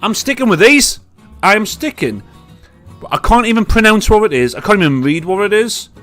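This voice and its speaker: With faint music behind him, a Northern English podcast host speaks at normal speed in a high, animated, fairly bright voice. He hosts a casual live chat with friends, talking loosely and swearing plenty, in the accent of his Northern England home.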